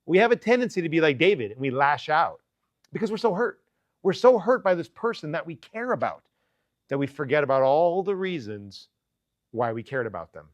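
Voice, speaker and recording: High-voiced casual youth preacher. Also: male voice, no room sound, dull audio. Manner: casual, joking, conversational preaching. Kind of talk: sermon.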